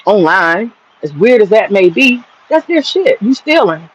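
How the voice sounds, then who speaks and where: A man's voice: sits high, big pitch swings, a little slow, fairly bright tone, slightly rough, rough recording. A man hosting an online commentary monologue, talking in a blunt, profane and mocking way.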